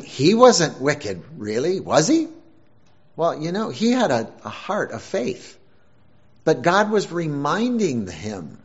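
Male preacher, lively pitch, husky, self-deprecating, halting sermon. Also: muffled recording. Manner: unhurried, halting delivery with fillers and self-deprecating humor.

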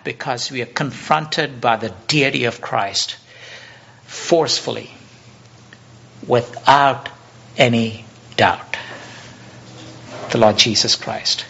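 A man's voice: mid-range voice, slow, vocal fry, pauses often, a bit bright, slightly rough. A man preaching a sermon, emphatic, repeating phrases and restarting sentences as he builds his point. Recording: dull lo-fi sermon recording.

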